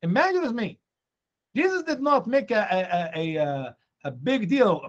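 High-pitched animated man preaching. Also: normal speed, highs cut off. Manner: excitable, acts out dialogue in high voices. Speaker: guest preacher. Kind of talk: animated evangelistic teaching.

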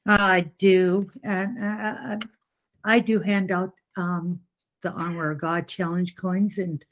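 A woman caller on a live talk show, telling a personal story in an animated way, with many fillers. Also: medium pitch, dull audio.

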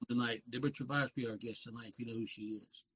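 In rapid-fire speech, a West Virginian man in his seventies with a Southern accent chats casually as a radio talk show guest. His medium-pitched voice is steady, husky, and a bit bright, and his folksy rambling is full of self-corrections, on a rough recording.

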